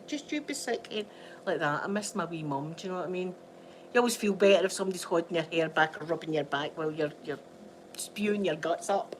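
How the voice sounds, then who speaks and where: A woman's voice: lowish voice, slight background noise, low-quality recording. A Scottish woman from Scotland, chatting casually to viewers from home, telling rambling stories and laughing often. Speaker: vlogger. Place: at home by a window.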